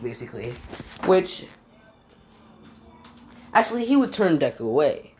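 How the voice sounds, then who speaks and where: A woman improvising a fan story out loud, rambling, stopping on fillers and forgetting names as she goes. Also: sits low, big pitch swings, a little slow, soft background music.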